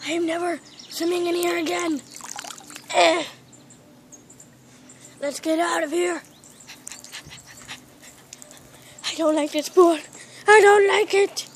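A woman's voice: extremely high pitch, steady tone, a little slow, long pauses, slight background noise. A woman voicing a shrieking plush pet toy. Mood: shaken. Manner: dramatic shrieks and pleading. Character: excitable female plush pet toy, easily panicked. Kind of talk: toy role-play video.

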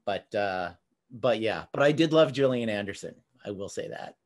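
A man's voice: fairly low pitch, animated. Chatty New Jersey man, middle-aged. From New Jersey, USA. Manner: chatty, jokey, slips into quick impressions. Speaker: podcast host. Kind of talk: casual conversation.

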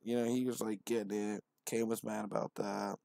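A man's voice: fairly low pitch, level tone, normal speed, creaky, warm tone. A man retelling scripture as comedy, profane and slangy, with a wry tone and hesitant restarts.

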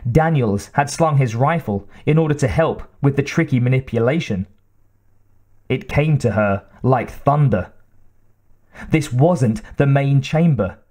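A man narrating an audiobook in a measured reading style. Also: mid-range voice, mellow. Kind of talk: scripted narration.

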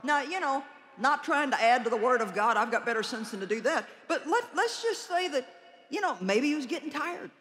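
An older woman preaching a humorous conference sermon, animated and joking as she acts out little prayers and conversations. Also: sits high, fairly quick.

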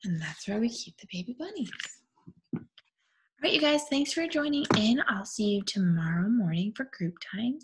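A woman's voice: mid-range voice, animated, normal speed, noisy background. A young woman, a preschool teacher, leads an online group time for small children, gasping in delight and drawing out animal sounds.

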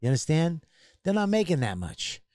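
A man's voice: fairly high pitch, very animated, normal speed, no echo. Brash comedian man, crude riffing. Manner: loud, crude, riffing with bits and voices. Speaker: podcast co-host. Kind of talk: casual comedic chat.

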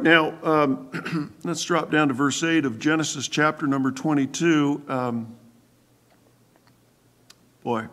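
A man pastor giving a sermon-style Bible study in a church, halting with fillers and asking the congregation questions. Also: a little high, bright, forceful tone. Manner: halting, many fillers and restarts.

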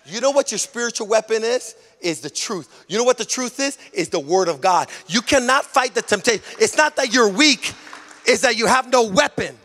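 A male senior pastor preaching a sermon in a church, emphatic and repetitive, often rising to a shout. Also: extremely high pitch, lively intonation, normal speed. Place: church sanctuary.

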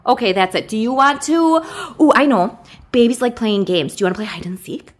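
In family kids' videos, a mom in her thirties plays pretend with her child, babying her in an exaggerated sing-song. She speaks a little high and a little fast.

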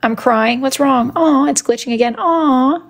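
A woman's voice: on the high side, fairly even intonation, moderate pace, creaky. A woman hosting a casual live stream, chatting playfully and teasing her viewers as she reacts to their messages. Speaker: live-stream host doing wood burning.

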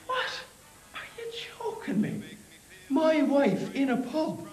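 A fifties irish husband, all huffy and scolding, lots of ups and downs. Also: male voice, high voice, sing-song, fairly quick, echoey room, soft background music, poor audio. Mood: blustering. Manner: indignant, scolding, lecturing. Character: blustering bossy 1950s Irish husband, middle-aged. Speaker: sketch actor. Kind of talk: 1950s-style comedy sketch acting.

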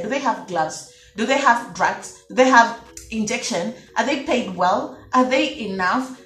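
A woman's voice: on the high side, a bit bright, roomy sound. A woman from Kenya talking casually to camera in an opinion vlog, emphatic and repeating her points to her viewers. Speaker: vlogger.

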